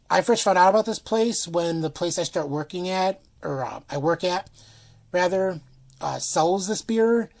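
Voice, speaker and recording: Casual man reviewing beer. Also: high-pitched. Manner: casual, frank, many fillers, swears.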